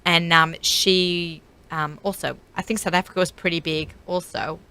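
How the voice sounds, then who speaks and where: A woman hosting a radio talk show, her voice bright and a little low-pitched. She chats casually, with plenty of fillers and frequent laughter. It sounds like easy studio conversation. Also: steady tone, normal speed, clean tone. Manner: chatty, laughs often, many fillers.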